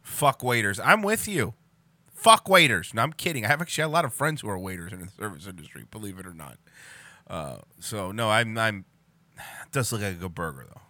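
Ranting sarcastic man with a lively voice. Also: on the low side, a little fast. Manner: sarcastic, ranting, swears a lot. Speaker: reaction commentator. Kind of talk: profane comedic reaction commentary.

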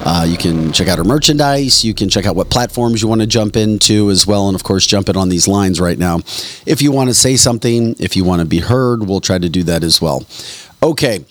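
A man's voice: on the low side, animated, fairly quick. A man hosting a live political talk podcast, ranting bluntly and heatedly with frequent fillers. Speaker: podcast host.

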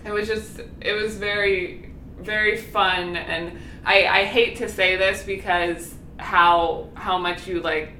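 A woman guest in casual chat, animated and laughing often as she talks. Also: mid-range voice, slow, roomy sound, slight background noise.

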